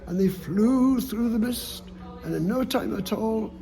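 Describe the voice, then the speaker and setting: A man telling a folk tale aloud, playful and lively, with sound effects and sudden hushes. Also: sits high, normal speed, creaky, soft background music. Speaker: storyteller. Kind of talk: oral folk storytelling.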